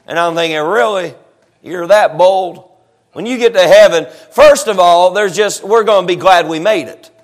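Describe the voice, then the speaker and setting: A middle-aged man preaching as a traveling evangelist, telling stories in a folksy way with joking asides and frequent amens, and rising to shouts at times. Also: high-pitched. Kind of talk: sermon with storytelling.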